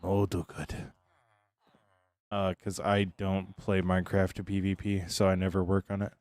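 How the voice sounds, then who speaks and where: A man with a very low voice talks easily to his live chat, greeting viewers one by one. He sounds tired but friendly and unhurried. The sound is dry and close, with no room echo. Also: smooth. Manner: relaxed, chatty, greets chat by name. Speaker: streamer. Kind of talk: casual live-stream chat.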